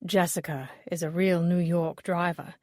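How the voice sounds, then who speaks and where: In a dry, studio-quality recording, a woman with a lowish, slightly mellow voice voices a charming, teasing man. Her intonation is fairly even, her pace moderate, and she sounds close to an everyday voice.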